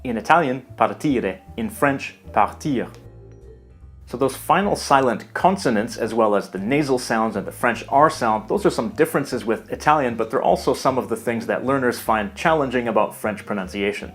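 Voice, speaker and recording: A man giving a scripted language lesson in a measured, explanatory way. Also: medium pitch, soft background music. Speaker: language teacher. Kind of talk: scripted educational narration.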